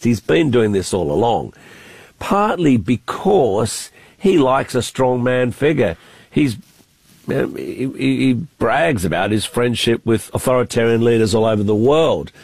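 A man's voice: mid-range voice, darkish tone, husky, dry recording. A male foreign correspondent giving a live, unscripted news analysis, chatty and thinking aloud with frequent restarts. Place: Beijing, reporting remotely.

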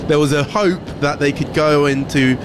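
A man giving a brisk, enthusiastic live sports news report from outdoors in a city. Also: fairly high pitch, fairly even intonation. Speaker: sports correspondent. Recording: loud street noise behind.

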